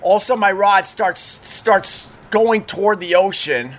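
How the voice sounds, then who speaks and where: A man's voice: fairly high pitch, moderate pace, few pauses, fairly bright tone. A middle-aged man, a former radio DJ, telling casual stories in a rambling, profane way, full of fillers and restarts. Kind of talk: casual storytelling monologue.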